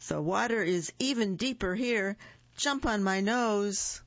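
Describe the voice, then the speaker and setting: A crafty storybook fox speaks in a coaxing, falsely kind voice, pitched up and pushed a little loud by a woman reader. The voice is slow and gravelly. The recording is dry and dull. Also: dry recording, close to an everyday voice. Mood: urging. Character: sly male fox, smooth-talking and crafty.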